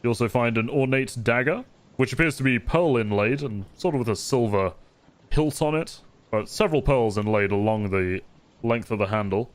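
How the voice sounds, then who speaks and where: A man narrating a tabletop game as game master, relaxed and descriptive. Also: medium pitch, normal speed.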